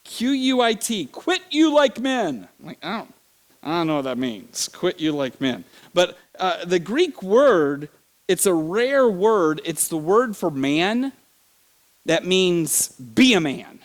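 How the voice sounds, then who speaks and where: A middle-aged pastor delivers a sermon in church, telling stories with animated bursts, sudden shouts and laughter. His voice sits high and he speaks slowly.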